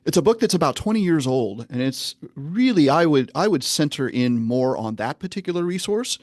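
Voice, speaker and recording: Measured, earnest male coach, dry sound. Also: a little high, very animated, a little mellow, no room sound. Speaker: men's coach and guest. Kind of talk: podcast interview, teaching.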